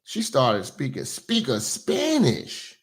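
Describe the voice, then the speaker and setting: A man hosting reaction commentary, ranting loudly and profanely, then dropping to a mutter. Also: mid-range voice, huge pitch swings, slow, husky. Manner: loud ranting, swings to muttering. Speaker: commentary host.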